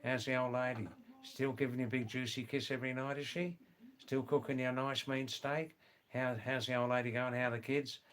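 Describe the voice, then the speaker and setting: A man putting on a broad Australian accent to play a chummy workmate swapping fast, teasing Monday greetings. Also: mid-range voice, little pitch movement, a bit bright, smooth, lightly acted.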